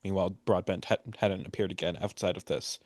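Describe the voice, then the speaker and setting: A man co-hosting a podcast in casual chat, hesitant and quick to laugh. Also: sits low, little pitch movement, a little mellow, dry recording, studio quality. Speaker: podcast co-host.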